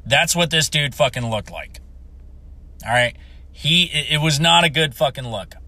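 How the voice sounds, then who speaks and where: Foul-mouthed Marine vet, bright and forceful. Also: male voice, on the high side, moderate pace. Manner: heavy swearing, blunt and heated. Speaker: Marine veteran telling a story. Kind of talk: profane storytelling rant.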